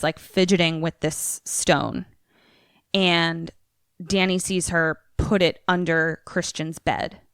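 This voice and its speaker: A woman's voice: on the low side, clear, resonant tone, dry recording, studio quality. A young adult woman, a podcast co-host, casually recapping a film and acting out the characters' lines. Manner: animated storyteller, acts out characters' lines.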